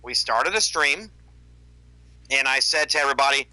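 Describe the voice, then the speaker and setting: A man on a casual podcast, ranting with animated storytelling and mocking the voices of the people he quotes. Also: mid-range voice, moderate pace, no echo, low-quality recording. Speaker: podcast co-host, YouTuber.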